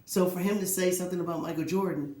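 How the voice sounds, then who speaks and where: Animated man ranting about sports, echoey room. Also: high voice, fast talker. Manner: animated, rhetorical questions, mocking quotes. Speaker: sports talk host. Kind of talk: casual solo sports commentary.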